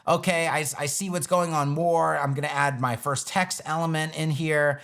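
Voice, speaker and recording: A man's voice: on the high side, fairly even intonation, moderate pace, creaky, fairly bright tone. A man teaching web design on a live stream, talking casually through each step as he builds a page on screen.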